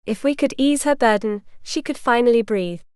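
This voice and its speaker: A woman voicing a proud, stubborn young noblewoman who speaks indignantly and with a sharp tongue. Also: fairly high pitch, moderate pace, smooth, no echo, studio quality, lightly acted.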